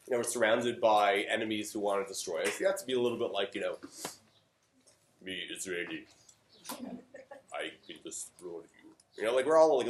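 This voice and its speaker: A man's voice: on the low side, slight background noise. A middle-aged man from Canada, a rabbi giving an informal Torah talk, chatting with many fillers and joking asides. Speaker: rabbi teaching a class. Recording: roomy echo.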